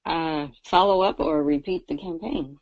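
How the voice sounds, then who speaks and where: A woman's voice: deep voice, measured pace, a little mellow, no room sound, lo-fi sound. A woman taking part in a group training call, answering the trainer briefly and plainly.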